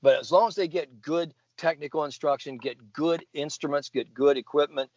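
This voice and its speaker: A man's voice: on the high side, normal speed, darkish tone, dry recording. Older man telling golf stories, dull recording. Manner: enthusiastic storyteller, many fillers and restarts. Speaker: golf sports psychologist, guest. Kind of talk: interview storytelling.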